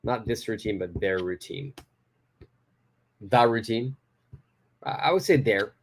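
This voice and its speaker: A man teaches a beginner English lesson live online, praising his students and stressing key words as he explains. His voice is husky and on the low side, and he takes an unhurried pace.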